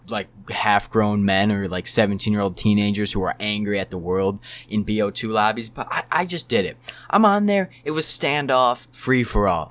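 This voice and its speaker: Young man telling a profane storytime. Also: on the low side. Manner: profane, rambling and animated. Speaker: storytime YouTuber. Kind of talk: casual storytime narration.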